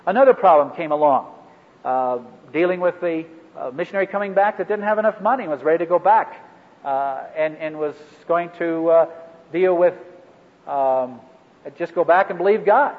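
A man leading a ministry training workshop for a live group, talking in a halting way with many fillers and restarts. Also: fairly high pitch. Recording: echoey hall over a phone-like line.

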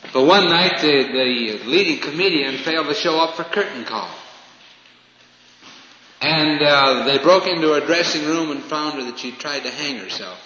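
Bright-voiced preacher in an echoing hall. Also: male voice, mid-range voice. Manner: swings from loud emphasis to hushed, falling phrases. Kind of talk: sermon. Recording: dull, roomy hall recording with faint hiss.

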